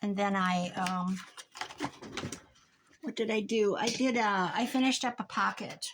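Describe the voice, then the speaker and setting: A middle-aged woman with a Midwestern American accent chats to her vlog viewers while working at her craft table. She rambles from topic to topic and laughs often, in a voice of medium pitch. Faint clicks and writing sounds come from her crafting. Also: steady tone, unhurried, noisy background. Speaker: crafting vlogger. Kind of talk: casual chat while crafting. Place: craft room at home.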